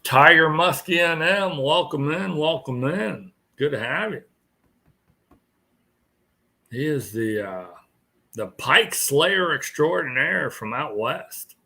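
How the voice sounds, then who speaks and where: A man's voice: on the high side, lively intonation, slow, pauses often, sharp tone, slightly rough. A tired man hosting a casual live stream chat, rambling and chuckling as he greets viewers. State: tired, yawning.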